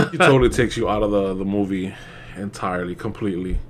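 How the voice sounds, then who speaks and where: A man's voice: fairly low pitch, fast talker. Young man, casual movie reviewer, rambling and profane, laughs often.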